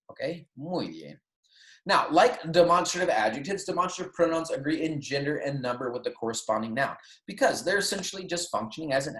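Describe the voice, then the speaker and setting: A man teaching a Spanish grammar lesson, explaining patiently and checking in with "right?" and "okay?" as he goes. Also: medium pitch. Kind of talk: classroom lecture. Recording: roomy echo.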